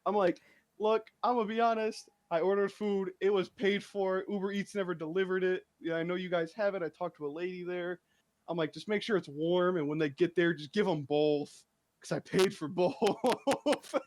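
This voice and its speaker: A man's voice: sits high, fairly even intonation, moderate pace, a little mellow. A young man ranting in casual chat as a streamer, exasperated and laughing as he tells his story.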